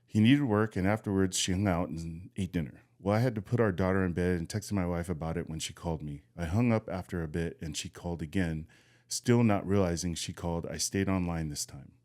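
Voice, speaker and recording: A man's voice: sits low, a little fast, a little mellow. A man co-hosting a podcast, casually reading a listener's story aloud between laughs. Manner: laughs often, feigns not remembering. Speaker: podcast co-host.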